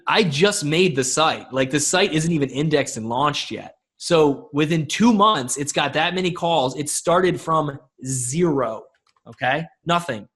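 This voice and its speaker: A man's voice: fairly high pitch, a bit bright. Upbeat man explaining shop on a webinar. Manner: quick, informal, many restarts and fillers like "like". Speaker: webinar guest presenter. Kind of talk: casual webinar talk.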